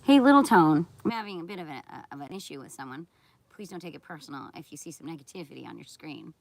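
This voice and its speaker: A woman's voice: deep voice, quick pace, vocal fry. A woman live streaming who answers viewer chat in a blunt, scolding, sarcastic way. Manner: sarcastic and confrontational. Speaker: content creator on a live stream.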